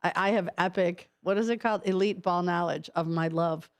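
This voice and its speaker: A woman's voice: on the low side, brisk, a little hiss or hum. Mock-dramatic woman radio co-host. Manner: over-the-top mock-dramatic, playful. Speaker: radio morning show co-host. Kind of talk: casual chat, comic storytelling. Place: radio studio.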